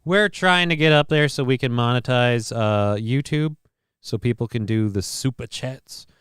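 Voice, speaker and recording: A man's voice: medium pitch, measured pace, a bit bright, clear, resonant tone, no room sound, studio quality. A man hosting his own live-stream show, reading news items aloud and riffing on them in a profane, rambling way. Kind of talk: casual live-stream commentary.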